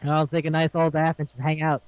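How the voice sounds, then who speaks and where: A man's voice: a little high, little pitch movement, fast, clean tone, no echo. A man chatting casually on a podcast, rambling, swearing often and laughing a lot. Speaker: podcast co-host. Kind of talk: casual chat recapping an anime. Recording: slightly dull lo-fi sound.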